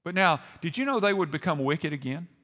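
A man's voice: a little high, lively intonation, brisk, bright, forceful tone. A man preaching a sermon in a folksy, conversational way, acting out quotes with rising intensity. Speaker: pastor. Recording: long hall reverb.

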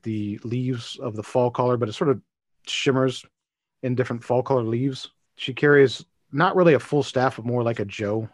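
A man narrating a tabletop role-playing game as game master, quick and rambling with restarts. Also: medium pitch, no room sound.

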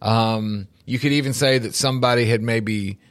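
A middle-aged man co-hosting a casual talk show about faith and life, telling stories with lively emphasis and often repeating words as he starts a sentence. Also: medium pitch, normal speed. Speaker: podcast co-host.

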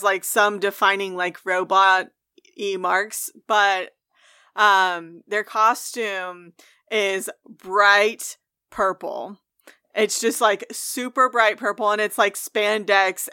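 Slow, bright-voiced woman player. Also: mid-range voice, clear, resonant tone, no room sound, studio quality. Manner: slow, hesitant, many fillers. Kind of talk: casual chat.

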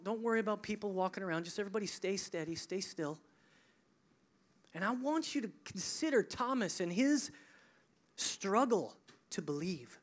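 A pastor giving an altar call in a large church during a service, shifting between intense near-whispers and rising, fervent appeals. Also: mid-range voice. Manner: intense, drops to near whisper, then rises.

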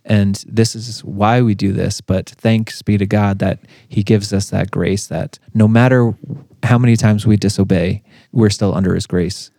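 A man in his thirties co-hosting a faith podcast, telling a family story in a relaxed way with fillers and laughs. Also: lowish voice, unhurried, no room sound, studio quality. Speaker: podcast co-host. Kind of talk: casual faith podcast chat.

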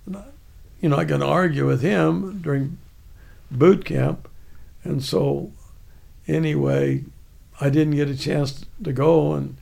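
Gravelly older man telling stories. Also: fairly high pitch, fairly even intonation, takes it slowly, pauses often, darkish tone. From United States. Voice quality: gravelly, raspy. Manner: rambling, many restarts. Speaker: guest, army veteran. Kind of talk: casual storytelling.

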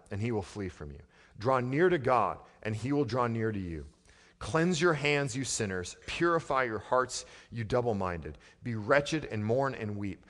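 A man preaches a sermon as pastor in a conversational way. He swings between quiet, low passages and loud, emphatic ones, with a long hall reverb on the recording.

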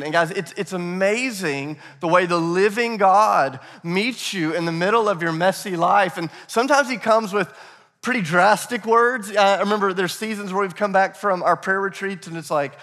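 A male pastor preaching with energy, his voice sitting a little high for a man. He keeps repeating key phrases for emphasis and prompts the congregation to call out answers. The sound rings out with a long hall reverb, like a recording from a big church sanctuary. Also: moderate pace, a bit bright. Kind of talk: sermon.

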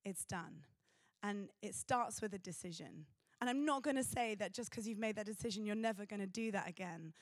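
A woman preaching a sermon in an earnest, pausing way. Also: medium pitch, no room sound, studio quality.

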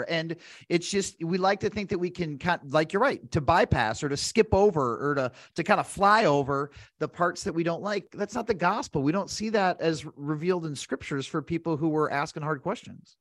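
A man hosting an interview, animated and earnest, telling scripture stories and asking questions. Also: a little high, a little fast, hardly any pauses, no room sound, studio quality. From grew up Pentecostal. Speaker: host. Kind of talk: conversational interview.

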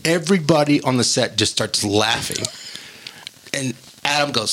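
A man telling a rambling, animated story in casual chat as a podcast co-host, acting out quotes as he goes. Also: mid-range voice, normal speed, a little hiss or hum.

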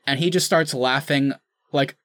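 Sarcastic podcast guy, bright voice, dry close sound. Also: medium pitch, a little slow, dry recording. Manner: animated, sarcastic and profane. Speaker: podcast co-host. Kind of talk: casual podcast chat.

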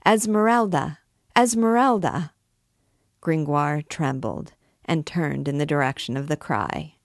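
Slow, low-voiced woman narrator. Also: dry recording, studio quality. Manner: measured, even storytelling. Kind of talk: audiobook narration of a classic novel.

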